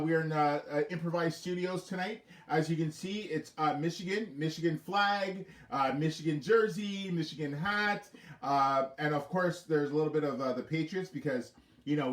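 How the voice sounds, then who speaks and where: A man's voice: a little high, echoey room. A man hosting a homemade late-night show from his basement, telling corny jokes and laughing at his own punchlines. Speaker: host of a home talk show. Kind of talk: jokey late-night monologue. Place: home basement.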